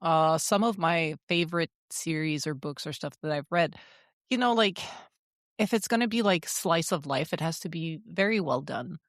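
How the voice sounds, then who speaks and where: A woman's voice: low-pitched, moderate pace, no room sound, studio quality. Blunt, swearing woman podcast co-host. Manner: blunt, swears freely, animated storytelling. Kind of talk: casual chat.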